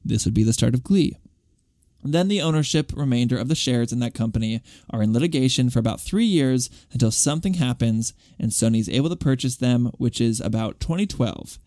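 An animated male podcast co-host tells things in a jokey, dramatic style. His voice is close and dry, with no room sound at all. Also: mid-range voice, a little fast, no echo. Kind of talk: casual pop-culture chat, reading a listener letter.

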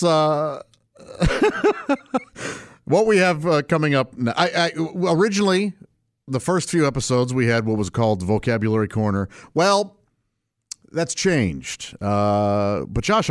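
A man's voice: medium pitch, expressive, a little slow, no room sound, clean studio sound. A man hosting his own podcast, talking casually and rambling, often restarting sentences and chuckling to himself. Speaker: podcast host. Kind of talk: casual solo podcast talk.

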